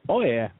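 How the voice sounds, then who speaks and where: A man's voice: very high voice, breathy edge, no echo. A man co-hosting a casual talk show, laid-back and wry, joking along. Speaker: co-host. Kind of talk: casual radio show chat. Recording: tinny phone-like sound.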